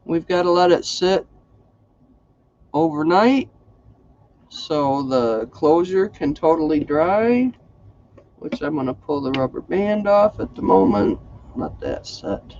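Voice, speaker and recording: A man's voice: fairly high pitch, lively intonation, slow, long pauses, a little mellow, highs cut off. Chatty folksy man hosting a craft stream. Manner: chatty, folksy, greets viewers by name. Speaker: craft livestream host. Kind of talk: casual crafting livestream chat.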